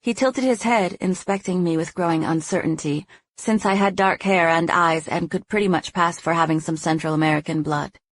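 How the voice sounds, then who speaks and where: A woman's voice: lowish voice, normal speed, no room sound. Woman narrating a first-person romance audiobook.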